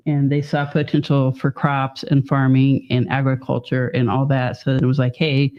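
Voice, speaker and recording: A man's voice: mid-range voice, monotone, normal speed. A man co-hosting a casual talk stream, rambling and chatty, laughing often as he talks. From Northern California. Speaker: podcast co-host. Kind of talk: casual chat. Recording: dull lo-fi stream audio.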